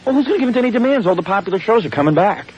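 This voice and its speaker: Fast-talking blunt radio host man. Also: high-pitched, expressive, a little mellow, dull audio, slight background noise. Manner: blunt, teasing, rapid-fire joking. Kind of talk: radio talk show banter. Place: radio studio.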